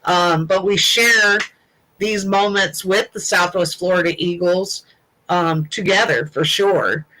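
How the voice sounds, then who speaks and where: A woman hosts a casual live chat, speaking warmly and at length, with frequent ums and restarts. Her voice is bright and clear. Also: fairly low pitch, slow, poor audio. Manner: emotional, rambling, many fillers. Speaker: show host.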